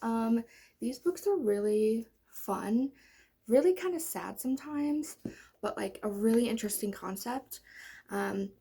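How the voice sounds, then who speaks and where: A young woman chats about her favorite novels in a loose, rambling way, full of fillers and restarts. Her voice sits a bit high, with a husky, breathy edge and a soft, mellow tone. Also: expressive, a little slow. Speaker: book vlogger. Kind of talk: casual book review chat.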